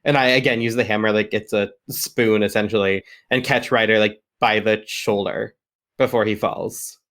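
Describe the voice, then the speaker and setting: A man's voice: lowish voice, steady tone, moderate pace, a bit bright. A man playing a tabletop game, describing his moves in a rambling way full of fillers. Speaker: player. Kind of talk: casual tabletop game chat.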